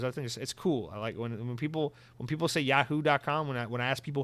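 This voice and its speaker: A man's voice: medium pitch, fast, few pauses, fairly bright tone, no room sound. A young adult man hosting a solo podcast, rambling in a jokey, self-mocking way. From United States. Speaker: podcast host.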